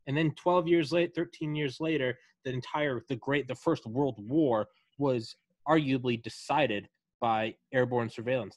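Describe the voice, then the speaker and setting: A man's voice: medium pitch, dry recording. A man hosting a podcast interview in casual, joking, profane chat. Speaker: podcast host.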